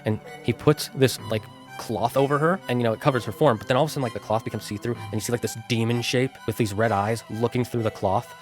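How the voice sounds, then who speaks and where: Fast-talking man retelling a film. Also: mid-range voice, soft background music. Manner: rambling, animated retelling. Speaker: streamer. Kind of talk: unscripted film recap.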